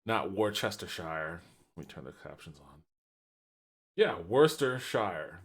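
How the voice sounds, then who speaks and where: A man hosting a livestream, giving animated, casual reaction commentary that rambles and swears. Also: fairly low pitch, unhurried. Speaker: livestream host.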